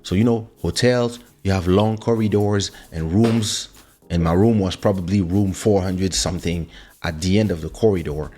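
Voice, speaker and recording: A male show host excitedly telling a personal story into a studio microphone, repeating words and restarting as he goes. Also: low-pitched, normal speed, a little hiss or hum. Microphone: studio USB microphone.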